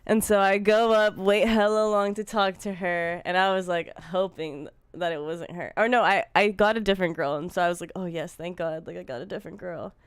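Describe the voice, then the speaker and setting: A woman's voice: lowish voice, fairly even intonation, brisk, hardly any pauses, clean tone, no echo. A young woman co-hosting a casual podcast, telling a story in a chatty way and laughing often. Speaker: podcast co-host. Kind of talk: casual chat.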